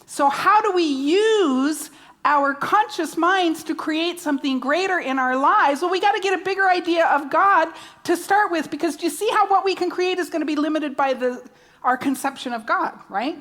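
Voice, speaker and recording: A woman's voice: extremely high pitch, normal speed, a bit bright. A woman minister preaching a sermon, emphatic, repeating key words and asking rhetorical questions.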